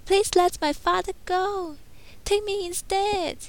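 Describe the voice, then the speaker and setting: A woman voicing a gentle, earnest young woman in a storybook read-aloud, with a high, light, sweet voice. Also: takes it slowly, heavily acted, poor audio. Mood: pleading.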